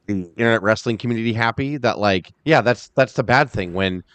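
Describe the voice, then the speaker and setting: Man, podcast co-host, casual chat, swears freely, quick impressions, dry close sound. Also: mid-range voice, fairly bright tone, no room sound.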